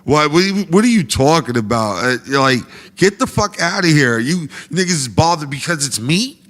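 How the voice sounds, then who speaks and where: A man telling a comic anecdote in a casual, profane, slangy way, getting animated as he goes. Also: on the high side, normal speed. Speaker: storyteller guest.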